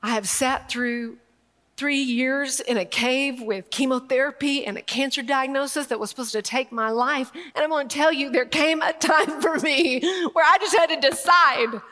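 High-voiced woman preaching in a reverberant hall. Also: pushed and bright. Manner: emotional, emphatic preaching with laughs and pauses. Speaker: speaker at a women's gathering. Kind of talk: sermon.

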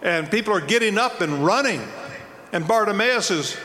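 A man preaching with a high, bright, forceful voice that rings through a hall with a long reverb. He tells the story dramatically and acts out the quotes. Faint noise sits behind him. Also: expressive, moderate pace. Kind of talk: evangelistic sermon.

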